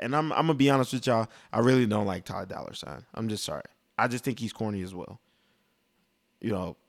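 A young man giving a casual, blunt and profane rant about music, rambling with restarts. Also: on the low side. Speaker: music commentator.

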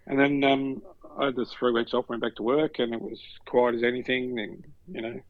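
A brisk man in his fifties with a mid-range voice and an Australian accent, recorded with a dull, lo-fi, dry sound, co-hosts a podcast. A former paramedic, he tells animated stories in casual chat and acts out the voices.

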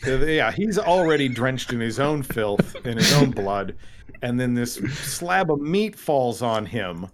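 A man running a tabletop game with a lively, swooping voice. He narrates with animated, vivid storytelling. His pitch leaps up at the dramatic moments. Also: a little slow, a little hiss or hum. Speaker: game master.

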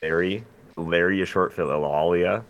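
A man's voice: deep voice, normal speed, a little hiss or hum. A man hosting a podcast, chatting in an easygoing, jokey way. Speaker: podcast host. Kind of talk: casual podcast chat.

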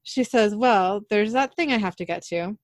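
The clip has clean studio sound and no room sound. A podcast host with a mid-range voice at normal speed casually recaps a TV episode in an animated way, quoting the characters herself.

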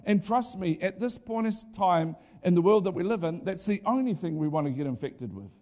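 With a high-pitched voice and a brisk pace, a middle-aged pastor delivers his sermon in a lively, conversational style. He often turns to the congregation with asides.

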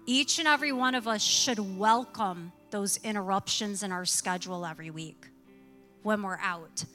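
A woman's voice: medium pitch, sharp tone, long reverb tail, soft background music. Earnest woman pastor preaching. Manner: earnest, slow emphatic phrasing with storytelling. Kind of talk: sermon. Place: church.

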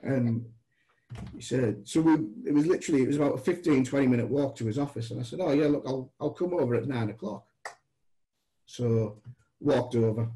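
The recording is rough, and the speaker is a brisk, mid-range British man in middle age. As a guest, he spins chatty anecdotes, frequently restarting and animatedly voicing the people he quotes.

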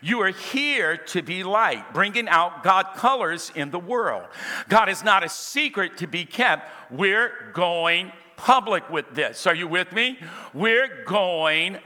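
A man with a high, very bright and forceful voice preaches a lively sermon. He repeats key lines and calls on the room to answer back. His voice rings out with a long reverb from a church hall. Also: slow pace. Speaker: pastor.

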